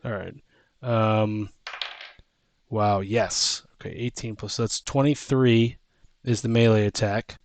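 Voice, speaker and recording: A man's voice: fairly low pitch, steady tone, slow, pauses often. A man running a tabletop game as dungeon master, hesitant with lots of ums.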